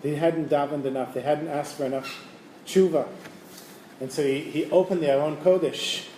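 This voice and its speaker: A man tells a religious tale with animation and plays the people in it. His voice is mellow and sits a bit high. The recording is roomy, with faint hiss. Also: fairly even intonation, moderate pace. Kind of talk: storytelling. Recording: echoey room, faint hiss.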